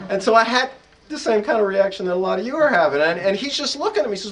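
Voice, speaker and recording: A middle-aged American man, an author and psychologist, telling animated stories to a live audience in a bookstore and acting out the voices of the people in them. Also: high-pitched, fast talker, poor audio. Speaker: author and psychologist giving a talk. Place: bookstore event room.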